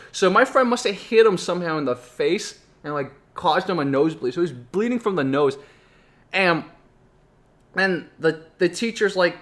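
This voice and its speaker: A man's voice: high-pitched, fairly bright tone. A young man telling a childhood story in a reflective vlog, rambling and restarting his sentences as he goes. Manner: rambling, with frequent restarts and asides. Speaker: vlogger.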